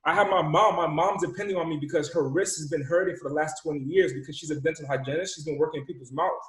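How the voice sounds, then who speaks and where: A fired-up male motivational speaker from Rhode Island tells a personal story, stumbling over repeated words and acting out both sides of conversations. His voice sits a little high for a man. The recording has a noticeable roomy echo. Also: fast. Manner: energetic, repeats words, acts out dialogue. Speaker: podcast guest, motivational speaker.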